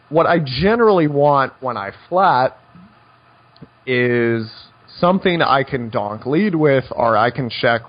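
A man's voice: medium pitch, lo-fi sound. A man teaching poker strategy in a conversational way, telling stories with dry, wry asides. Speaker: poker coach. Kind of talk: instructional poker talk.

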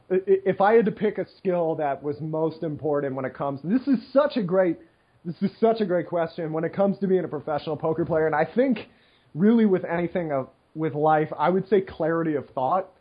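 A young man talks loosely on a podcast, a slightly higher voice full of fillers and restarts. He pokes fun at himself and laughs often as he rambles along. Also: lively intonation, normal speed, husky, lo-fi sound. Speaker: podcast co-host, professional poker player. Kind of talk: casual chat.

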